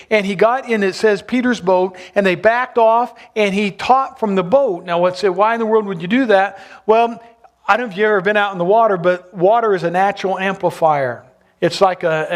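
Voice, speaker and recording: A man preaching a sermon as pastor, retelling a gospel story and asking his listeners questions. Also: sits high. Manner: storytelling, asks the congregation questions.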